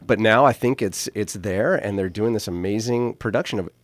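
A man's voice: lowish voice, moderate pace, no room sound. A man co-hosting a casual radio talk show, upbeat and chatty as he promotes upcoming events. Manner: upbeat, plugs events at length.

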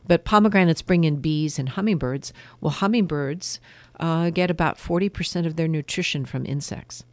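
A woman's voice: sits low, moderate pace, a little mellow, no room sound. Chatty laughing woman winemaker guest. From California. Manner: chatty, laughs easily, storytelling. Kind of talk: casual radio interview.

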